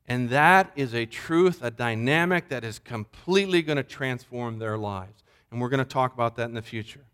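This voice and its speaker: A man preaching a sermon, asking rhetorical questions and dropping to a low, soft voice. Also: smooth, big-room sound.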